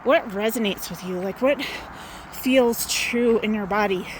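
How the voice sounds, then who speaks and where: A woman hosting a wellness challenge, giving gentle, encouraging motivational talk outdoors, a little out of breath from walking. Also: medium pitch, a little slow, a little hiss or hum, poor audio. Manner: gentle, encouraging, guiding with questions. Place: outdoors in the sun.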